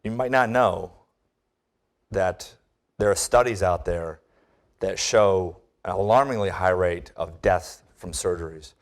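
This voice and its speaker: Low-voiced man giving a persuasive webinar. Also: unhurried. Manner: urgent, rhetorical, questions the listener directly. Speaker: doctor presenting a webinar.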